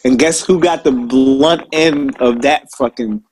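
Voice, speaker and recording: A man's voice: medium pitch, measured pace, darkish tone, low-quality recording. A man telling old service stories in casual, profane chat, swearing constantly and sounding indignant. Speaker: Marine veteran telling stories.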